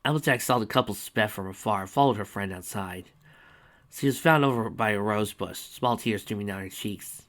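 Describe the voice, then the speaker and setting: A man reading fan fiction aloud, expressive and breaking off to rant about the story. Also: lowish voice, moderate pace.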